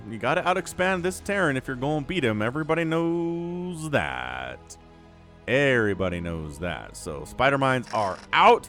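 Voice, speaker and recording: Casting a strategy game match on his own, this esports caster keeps up a chatty, rambling play-by-play sprinkled with jokey asides. His voice is medium in pitch and a bit bright.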